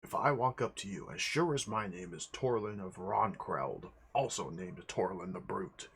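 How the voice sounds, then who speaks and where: A man's voice: deep voice, lively intonation, normal speed, vocal fry, a bit bright, husky, full character voice. A man voicing a fierce, sarcastic barbarian warrior with a snarling edge. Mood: sardonic.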